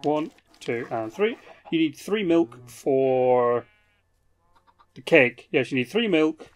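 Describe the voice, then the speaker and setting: A man's voice: fairly high pitch, expressive, takes it slowly. Chatty British man narrating his game. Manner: chatty, profane, jokey. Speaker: gaming YouTuber. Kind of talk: casual game commentary.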